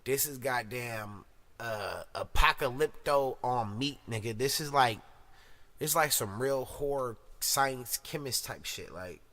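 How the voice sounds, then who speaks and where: Bright-voiced profane podcast host. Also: male voice, mid-range voice, slow pace. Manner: loud, swearing rants with shouted put-on voices. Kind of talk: profane casual monologue.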